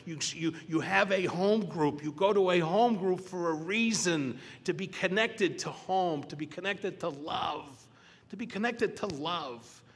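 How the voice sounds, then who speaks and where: An older man telling his personal story to a recovery meeting, animated and repeating phrases for emphasis. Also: high-pitched, measured pace, husky. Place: meeting hall. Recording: roomy hall reverb, faint background ambience.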